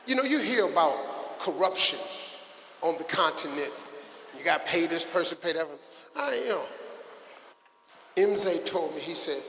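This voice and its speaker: An older man giving a comedic motivational speech to a live audience, animated, acting out quotes and swinging between shouts and hushed asides. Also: on the high side, normal speed, long pauses, slight background noise. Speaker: guest speaker at a youth event. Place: large hall with a live audience. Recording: echoey hall with long reverb.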